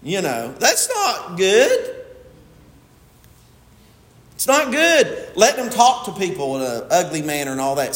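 Emphatic preacher in echoey hall. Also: male voice, extremely high pitch. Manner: emphatic, swings from loud stresses to quiet asides. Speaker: pastor. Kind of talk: sermon. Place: church sanctuary. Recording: echoey hall with long reverb.

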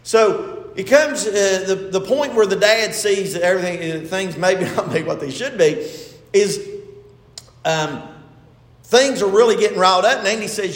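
A pastor preaching a sermon, retelling a story with quoted lines and building to emphatic points. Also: male voice, high-pitched, moderate pace, a bit bright, reverberant, in a large hall.

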